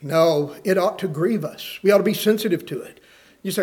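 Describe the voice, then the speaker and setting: A man's voice: high-pitched, brisk, darkish tone, husky. A man preaching a sermon, earnestly reading scripture aloud and putting questions to his listeners.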